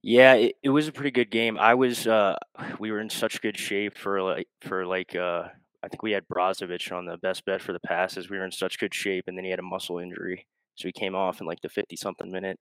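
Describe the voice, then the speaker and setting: A man from the United States, a guest analyst on a betting podcast, speaking haltingly with many restarts as he works through his thoughts. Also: sits low, level tone, fairly bright tone, no room sound, rough recording. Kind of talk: casual sports analysis.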